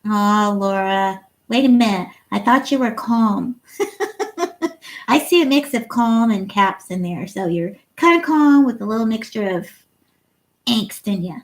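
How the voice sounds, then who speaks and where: A woman from Ohio hosts a laid-back livestream, chatty and giggly, reading viewers' comments out loud and laughing often. She speaks in an expressive, unhurried, mid-range voice, and the audio is poor.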